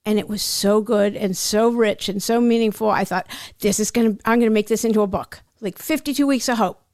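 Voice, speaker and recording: A woman's voice: medium pitch, brisk, darkish tone, dry recording, studio quality. A middle-aged woman telling personal stories as an interview guest, in an emotional, tumbling way that keeps interrupting itself. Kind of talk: candid personal storytelling.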